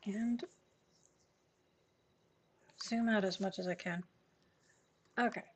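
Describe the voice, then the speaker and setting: A woman streaming a cozy game late at night, murmuring slowly to herself as she plays. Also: mid-range voice, fairly even intonation, slight background noise. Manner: slow, murmured talk to herself. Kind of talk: casual gameplay commentary. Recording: faint background music.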